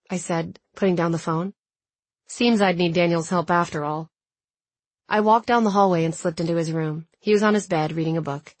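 A woman with a low, husky voice reads a first-person story aloud, wry and lightly sarcastic. The sound is close and dry, with no room around her. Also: normal speed, no echo. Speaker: audiobook narrator. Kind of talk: first-person audiobook narration.

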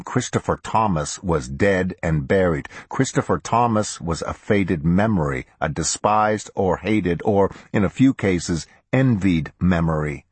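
A male narrator reads a crime audiobook in a steady, measured voice. His voice sits very low and husky, and the recording is dry and close with no room sound. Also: no echo. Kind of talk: scripted narration.

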